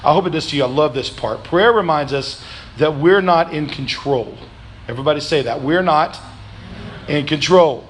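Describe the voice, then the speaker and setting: A man pastor preaching a sermon in a church, calling for answers from the congregation, swinging between loud, shouted pleas and low, quiet reflection. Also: normal speed, a little hiss or hum. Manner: preaching with call-and-response, rising to shouts then dropping low. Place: church sanctuary.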